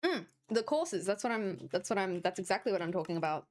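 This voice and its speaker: Female streamer, mid pitch, loose sarcastic gaming chatter. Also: big pitch swings, brisk, darkish tone. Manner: chatty, sarcastic, rambling asides. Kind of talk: casual gaming stream chat.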